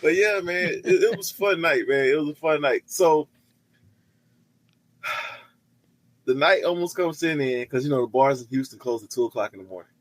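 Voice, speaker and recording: A man co-hosting a casual podcast, telling a story in an animated way, laughing often and repeating himself. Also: on the high side, moderate pace, long pauses, dry recording, rough recording. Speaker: podcast co-host.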